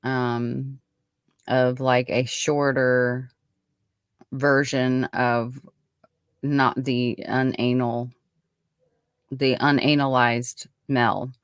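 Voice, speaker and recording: A woman's voice: rumbling low, flat delivery, very slow, pauses often, smooth, dry recording, clean studio sound. A woman hosting a true-crime podcast, reading her own write-up of a case in a casual way, with chatty asides and frequent fillers. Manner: chatty, many fillers and restarts between read passages.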